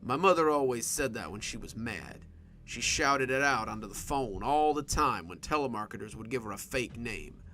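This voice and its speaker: A man reading a first-person horror story in a steady, measured narration. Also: mid-range voice.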